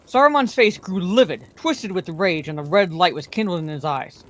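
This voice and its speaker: A woman narrating a fantasy novel aloud as a bedtime story, in a calm, even manner. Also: fairly low pitch, moderate pace.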